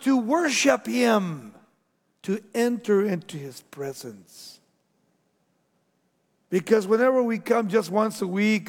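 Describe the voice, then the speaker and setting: A male pastor preaching with a high-pitched voice in a church sanctuary. He drives his points up with emphasis, then drops suddenly to quiet, low phrases. A long hall reverb trails after every line. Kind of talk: sermon.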